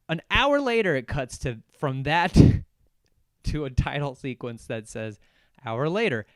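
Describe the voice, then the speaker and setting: A young man rants through a solo film review on his podcast, swearing freely and piling on sarcasm as he rambles. His voice is smooth and clear, recorded dry and close. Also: mid-range voice, dry recording. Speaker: podcast host. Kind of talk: solo movie review rant.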